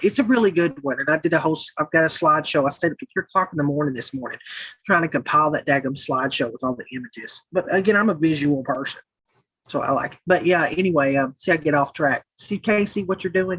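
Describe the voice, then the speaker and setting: A Southern woman hosts a livestream, reading out viewer comments in a rambling, profane, casual chat. Her voice sits low, husky and fairly bright, captured without echo on a low-quality recording.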